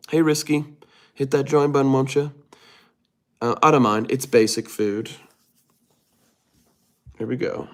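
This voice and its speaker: Man, livestream host, casual chat, reads viewer comments aloud, mutters while typing, gravelly voice, medium pitch.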